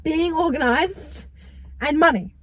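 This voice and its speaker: A woman's voice: high-pitched, slow pace. A young woman, co-hosting a casual chat, teasing and swearing freely. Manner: animated, teasing, swears freely, laughs often. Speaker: co-host.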